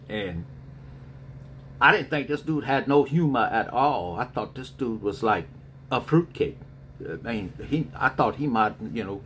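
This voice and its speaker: Brief: middle-aged male spiritual reader, lively up-and-down delivery, slight hum behind him. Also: on the low side. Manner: rambling, animated storyteller who laughs often. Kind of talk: casual vlog answering viewer questions.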